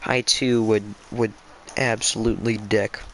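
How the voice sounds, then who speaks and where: A man's voice: fairly low pitch, flat delivery, unhurried, slight background noise. Drowsy man reading aloud, stumbling. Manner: stumbles and restarts often. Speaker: streamer reading a book aloud. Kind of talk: casual live-stream storytelling.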